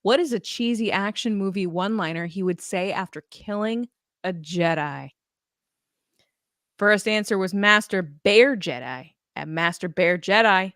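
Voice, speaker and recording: A woman's voice: medium pitch, unhurried, a bit bright, no room sound, studio quality. A woman co-hosting a podcast in casual chat, reading out listener answers with a teasing, giggly manner. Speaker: podcast co-host.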